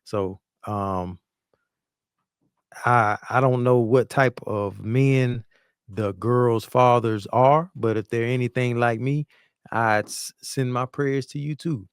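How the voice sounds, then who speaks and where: A man with a gravelly, smooth voice speaks slowly on a casual podcast. He is plainspoken and measured, and the sound is dry and close. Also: mid-range voice, fairly even intonation, no room sound. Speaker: podcast co-host.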